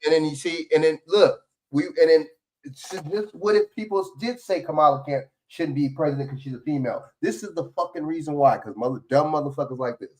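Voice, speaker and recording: A man's voice: a little high, brisk, darkish tone. A man hosting a livestream, arguing back at clips in blunt, profane casual commentary. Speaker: livestream host reacting to clips.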